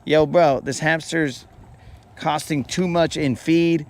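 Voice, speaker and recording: A man's voice: on the high side, fairly even intonation, slow. This is a frugal, stern father, played by a man in his own voice. He talks in a blunt, matter-of-fact way. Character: stern, frugal father worried about money.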